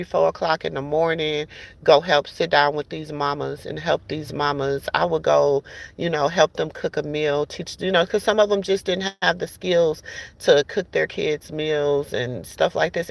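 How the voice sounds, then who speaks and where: A podcast host with a low, gravelly voice tells stories in a casual chat. She's chatty, calls her listeners "y'all" and "baby," and restarts her sentences often.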